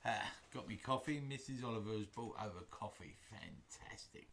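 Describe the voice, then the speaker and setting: A man's voice: lowish voice, expressive, moderate pace, gravelly, fairly bright tone, a little hiss or hum. A man hosting a woodturning livestream from his workshop, chatting casually with viewers in a jokey, rambling way. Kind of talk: casual chat greeting live viewers. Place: home workshop.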